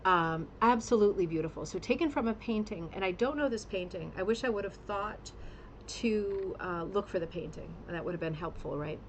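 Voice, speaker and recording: A woman hosts a casual craft livestream from a home studio with a green screen. She pours out effusive praise and rambles with plenty of ums and restarts, at an ordinary mid pitch. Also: a little fast, slight background noise, rough recording. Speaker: host of a rug hooking club livestream. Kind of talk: casual livestream show-and-tell.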